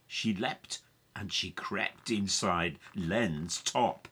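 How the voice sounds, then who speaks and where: A woman reading a rhyming children's picture book aloud, with a lilting, expressive delivery. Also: a bass voice, slow pace, faint music behind. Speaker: storyteller.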